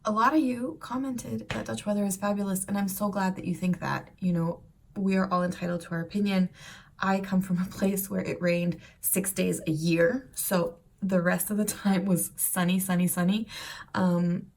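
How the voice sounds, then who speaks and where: A woman's voice: medium pitch, fairly even intonation, normal speed, creaky, darkish tone, recorded from a distance, a little hiss or hum. A woman from the United States talking casually to her viewers in a chatty, rambling way with many fillers and restarts. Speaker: vlogger. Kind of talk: casual talk to camera.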